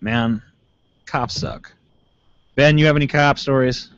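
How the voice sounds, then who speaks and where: A man's voice: medium pitch, a little slow, a bit bright, clean tone, no room sound, muffled recording. A man co-hosting a call-in podcast, telling stories in a rambling way full of swearing. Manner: profane, rambling. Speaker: podcast co-host. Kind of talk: casual storytelling chat.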